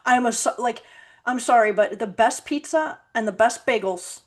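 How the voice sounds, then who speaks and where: A woman's voice: fairly high pitch, moderate pace. A woman hosting a podcast, telling stories with acted-out quotes and frequent laughter. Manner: animated storyteller, acts out quotes, laughs often. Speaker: podcast host. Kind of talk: casual podcast chat.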